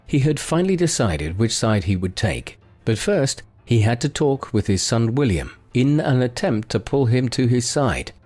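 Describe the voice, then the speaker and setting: A man reading a scripted history narration in a steady storytelling manner. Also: mid-range voice, moderate pace, few pauses. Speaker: documentary narrator. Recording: faint music bed.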